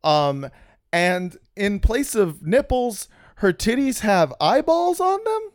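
A man's voice: sits high, big pitch swings, slow pace, dry recording, studio quality. A man co-hosting a casual comedy podcast, recapping a film in a rambling, profane way with many restarts.

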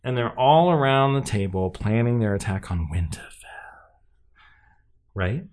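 A man co-hosting a podcast casually recaps a TV episode, animatedly acting out the characters' lines. His voice is medium-pitched with a darkish tone, and he speaks a little slowly.

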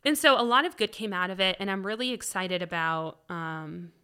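Woman in her 30s, podcast co-host, tense bright voice, loose rambling delivery. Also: mid-range voice, moderate pace, clear, resonant tone. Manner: rambling, full of "like" and "um". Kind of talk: candid conversational chat.

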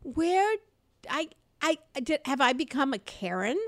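An older woman, co-hosting a podcast and telling stories in an animated way, swinging from quiet asides to loud outbursts and laughing often. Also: high-pitched, a little slow, no echo, clean studio sound. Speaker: podcast co-host and comedy teacher. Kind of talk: animated conversational storytelling.

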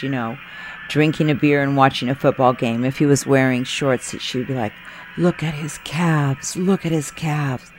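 A woman's voice: sits low, a little hiss or hum. A woman telling a first-person story from her childhood in a candid, wry, conversational way.

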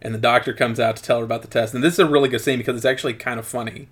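A man's voice: mid-range voice, fairly even intonation, rapid-fire. Rambling man retelling a film plot. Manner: rambling, filler-heavy retelling. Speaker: podcast co-host reviewing a film. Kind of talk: casual chat.

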